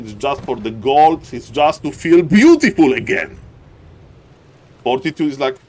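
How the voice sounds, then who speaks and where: A man casting a strategy game live, with excitable play-by-play that keeps calling out to "ladies and gentlemen" and climbs high and loud in the fights. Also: slight background noise. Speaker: esports caster.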